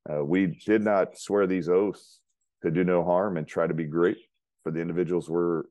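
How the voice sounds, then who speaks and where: Casting: deep-voiced American man, emphatic podcast guest, dry close mic. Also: darkish tone, no echo. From United States. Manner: emphatic, with frequent fillers and quoted dialogue. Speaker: interview guest, chiropractor. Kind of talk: casual storytelling in a podcast interview.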